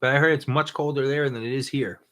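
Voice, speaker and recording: A man's voice: mid-range voice, steady tone, fast, a bit bright. A man in a mid-range voice co-hosts a live question-and-answer stream. He rambles through his answers with plenty of fillers and laughter, reading out viewer comments as he goes. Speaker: podcast co-host. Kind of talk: live Q and A chat.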